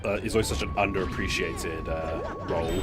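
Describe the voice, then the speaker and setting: A man's voice: deep voice, steady tone, a little fast, music in the background. Rambling young man. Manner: rambling, filler-heavy. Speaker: streamer. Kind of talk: casual chat while gaming.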